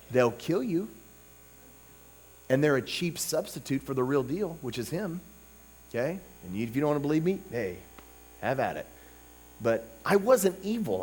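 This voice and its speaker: Casual chatty preacher guy, voice jumps all over, goes quiet then loud, keeps saying okay. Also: a little high. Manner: conversational, peppered with "okay?" and "you know"; swings between soft asides and loud emphatic bursts. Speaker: revival preacher. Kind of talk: sermon.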